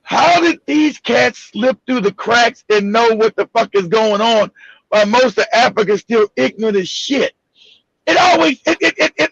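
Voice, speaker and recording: A man's voice: extremely high pitch, gravelly, a bit bright, slightly rough, dry recording, muffled recording. A man talking in a heated casual chat, emphatic and profane, often stammering and repeating words.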